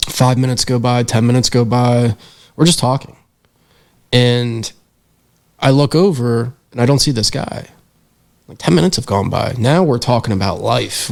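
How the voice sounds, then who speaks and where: Gravelly man telling a story earnestly. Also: mid-range voice. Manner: earnest, reflective, many fillers. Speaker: podcast guest, filmmaker. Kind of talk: storytelling in a casual interview.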